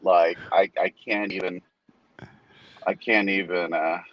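A pastor in his forties in casual chat, an animated storyteller who acts out the people he quotes. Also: low voice, slow, highs cut off, slight background noise.

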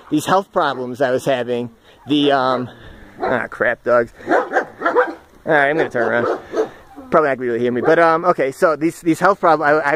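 Walking outdoors in the countryside, a vlogger records a personal reflection in an earnest, halting, searching way, often restarting his phrases. His voice is a little high, with a little hiss or hum.

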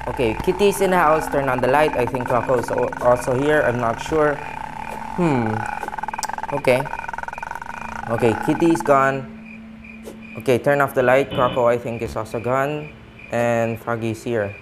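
A man hosting a gaming channel gives let's-play commentary. He is excitable and panicky, counts aloud, and keeps talking to his viewers. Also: medium pitch, a little slow, long pauses, background noise. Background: game music.

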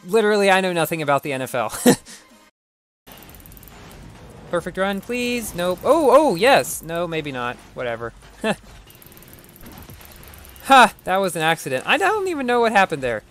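A man's voice: high-pitched, very animated, a little slow, long pauses, a bit bright, faint music behind. An American man giving chatty, giggly commentary while streaming a racing game and answering his chat. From United States. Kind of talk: live gaming commentary.

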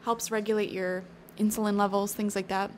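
In a relaxed, encouraging tarot reading, a woman chats and thinks out loud, sprinkling in fillers. Her medium-pitched voice moves little in pitch and runs a little fast, with slight noise in the background.

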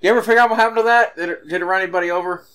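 A man's voice: sits high, racing, sharp tone. A man playing a video game on a let's play, talking casually with friends and grumbling at the game. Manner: exasperated, swears mildly at the game. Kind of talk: casual gaming commentary. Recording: game music in the background.

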